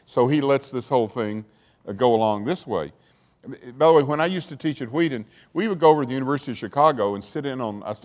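Rambling male preacher in a reverberant hall. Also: mid-range voice. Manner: rambling storytelling with many restarts, growing animated. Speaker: teacher. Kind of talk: sermon.

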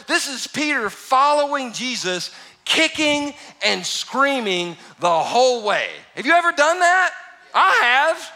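Bright high-voiced animated preacher man. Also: a little slow. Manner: animated, emphatic, humorous storytelling. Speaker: pastor. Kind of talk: sermon.

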